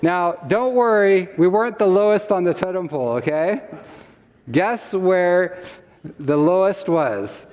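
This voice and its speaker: A man's voice: sits high, measured pace, a little mellow. A man giving a health talk to a live audience, quizzing the listeners and laughing often as he explains. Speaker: health summit speaker. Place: church hall. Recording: long reverb from a church hall.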